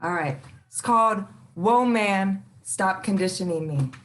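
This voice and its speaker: A woman's voice: medium pitch, measured pace, fairly bright tone. A woman performing her spoken word poem at an open mic, in a rhythmic delivery of short phrases.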